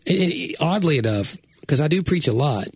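Husky, rambling man in casual chat. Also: on the high side, moderate pace, no echo. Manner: rambling, self-interrupting, animated. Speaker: pastor and podcast host.

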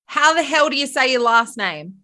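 Bubbly, bright-voiced woman host. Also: high voice, lively intonation, normal speed. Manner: bubbly, exclamatory, swears freely. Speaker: podcast host. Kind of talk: casual chat.

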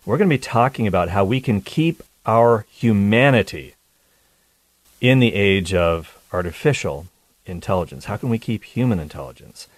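A man's voice: fairly low pitch, lively intonation, normal speed, no room sound. A man hosting a radio talk show, chatting casually and interrupting himself with playful asides. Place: radio studio. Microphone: studio mic.

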